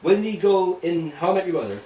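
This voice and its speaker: A man's voice: high-pitched, animated, fast talker, lo-fi sound, a little hiss or hum. A man co-hosting a podcast in a put-on Canadian accent, rambling in casual chat with easy swearing and frequent laughter. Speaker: podcast co-host. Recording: roomy room, distant mic, faint ambience.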